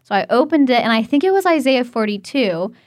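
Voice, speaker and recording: A young woman recounting a childhood memory in relaxed conversation, chatty and full of fillers. Her voice sits a little high. The sound is dry and close. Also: a little fast, dry recording. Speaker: storyteller. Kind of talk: casual chat.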